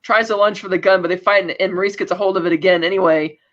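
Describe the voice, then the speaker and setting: A woman co-hosting a podcast, retelling a TV episode in an animated, storytelling way. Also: medium pitch, rapid-fire, lo-fi sound. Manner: animated storytelling, acts out lines with laughs. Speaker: podcast co-host. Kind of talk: casual chat recapping a TV episode.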